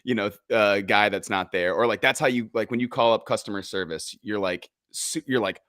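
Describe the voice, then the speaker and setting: Joking male podcast host, low voice. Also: fairly quick, hardly any pauses, fairly bright tone, no room sound, clean studio sound. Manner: joking, laughs often, swears. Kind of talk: casual podcast conversation.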